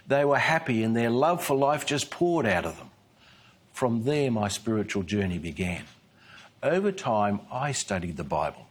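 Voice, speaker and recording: A man giving a scripted devotional presentation, telling it in an earnest, measured storytelling manner. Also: mid-range voice, a little hiss or hum. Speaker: Christian speaker.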